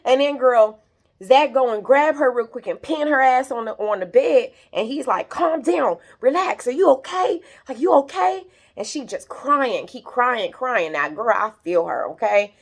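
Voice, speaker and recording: A young woman with a slightly high voice recaps a TV episode as gossipy, casual chat aimed at her viewers. She is animated and talks to the camera like it's a girlfriend. She acts out the characters' lines as she goes. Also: normal speed. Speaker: YouTube show recapper. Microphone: compact camera.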